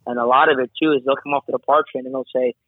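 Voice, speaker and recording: Chatty air traffic controller on a phone line. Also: male voice, medium pitch, very fast, no echo. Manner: animated, chatty, acts out radio calls. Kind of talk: casual interview explanation.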